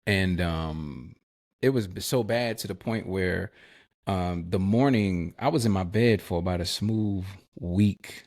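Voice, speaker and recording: Man, podcast co-host, low voice, gravelly, casual slang, animated storytelling. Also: slow. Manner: animated storyteller, acts out quoted dialogue. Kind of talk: storytelling in a live podcast chat.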